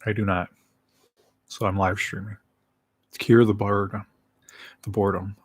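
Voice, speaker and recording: A man's voice: lowish voice, flat delivery, normal speed, long pauses, no echo, studio quality. A man chatting casually on a livestream, rambling in a laid-back way and laughing easily.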